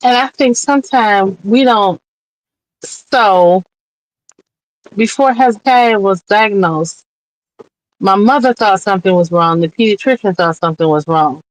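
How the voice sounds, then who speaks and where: A woman's voice: mid-range voice, a little slow, long pauses, dry recording, poor audio. A woman guest on a streamed interview show, talking earnestly and with passion as an advocate, close to tears at times. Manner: earnest, impassioned, tearful at times. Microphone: remote streaming mic.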